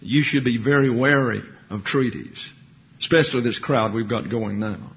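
Male lecturer, mid-pitched, opinionated history lesson with casual asides, muffled lo-fi sound. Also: normal speed, a little hiss or hum. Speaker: teacher.

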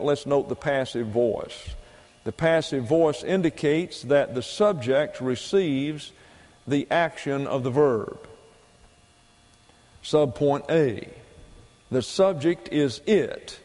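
Man, preacher, unhurried deliberate sermon, point-by-point teaching, hall reverb. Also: on the high side, darkish tone. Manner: methodical, point-by-point, repeats key phrases for emphasis. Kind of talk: doctrinal sermon teaching Greek grammar.

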